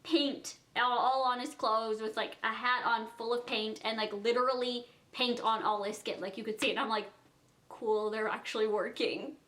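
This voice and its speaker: High-voiced giggly young woman vlogger. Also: moderate pace. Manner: animated, giggly, acts out quotes. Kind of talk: storytime vlog.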